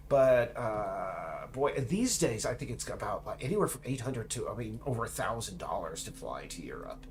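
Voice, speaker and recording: A middle-aged American indie game developer streams while he works, chatting casually in a medium-pitched voice with big pitch swings and a brisk pace. He drifts into tangents, stammers, and keeps restarting sentences, with slight background noise present.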